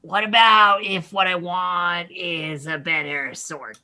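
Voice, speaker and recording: A woman playing a tabletop game, asking quick, playful questions. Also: lowish voice, steady tone, sharp tone. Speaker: player. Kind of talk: casual tabletop play.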